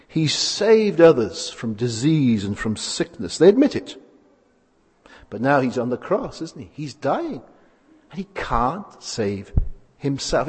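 A man's voice: medium pitch, very animated, slow, darkish tone, breathy edge. A man preaching a sermon, asking rhetorical tag questions and repeating phrases for emphasis. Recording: hall with long reverb.

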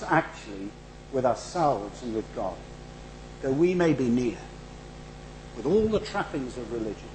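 A man's voice: medium pitch, a little slow, pauses often, slight background noise, rough recording. A middle-aged man with a northern English accent preaching a sermon in church, conversational and humorous, building to emphatic rhetorical runs. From northern England. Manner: animated, rising to emphatic rhetorical build-ups; conversational, with asides and humour.

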